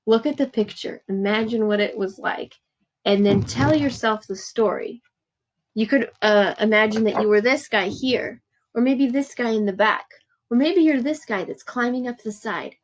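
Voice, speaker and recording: A woman's voice: a little high, normal speed, poor audio. A woman teacher giving patient step-by-step instructions for a writing assignment in a recorded remote lesson. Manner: patient, encouraging, explains step by step with examples. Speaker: third grade teacher.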